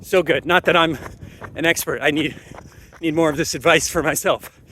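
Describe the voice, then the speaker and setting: Male commentator, high-pitched, animated and emphatic solo monologue. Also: normal speed, a little hiss or hum. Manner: animated, emphatic, repeats phrases for effect. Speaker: parenting commentator. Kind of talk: solo ranting monologue to camera.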